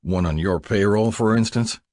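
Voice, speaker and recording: A man's voice: fairly low pitch, normal speed, darkish tone, dry recording, clean studio sound, voice pushed up, close to an everyday voice. A man doing a cocky sarcastic young guy. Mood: taunting. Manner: mocking, sarcastic.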